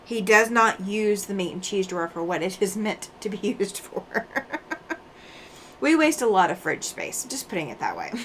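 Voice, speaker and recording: A woman's voice: mid-range voice, very animated, moderate pace, slight background noise. A woman hosting a quilting livestream, chatting casually and laughing often while she sews and reads out viewer comments; she sounds tired after road travel.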